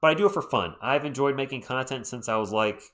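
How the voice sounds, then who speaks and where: A fast-talking man with a mid-range, slightly bright voice streams live play-by-play while sounding tired. In a relaxed, chatty way, he talks to his viewers and gives chat shout-outs between plays.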